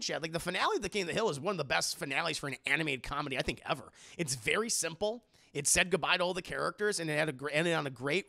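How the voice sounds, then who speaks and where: Animated rambling young streamer, gravelly. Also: male voice, fairly high pitch, dry recording, clean studio sound. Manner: rambling, animated, laughs often, swears. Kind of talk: casual chat with live chat.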